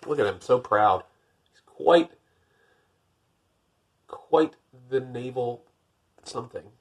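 A man reading a picture book aloud, lifting his voice for the narration and dropping to wry, deadpan jokes in between. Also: takes it slowly. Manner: wry, deadpan joking asides; rises for narration, drops low for asides. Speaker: podcast host.

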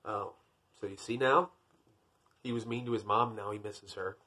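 A man's voice: lowish voice, fairly even intonation, moderate pace, sharp tone. A man reading a picture book aloud, breaking off for dry, wry, self-deprecating jokes between the pages. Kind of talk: storybook reading with joking asides.

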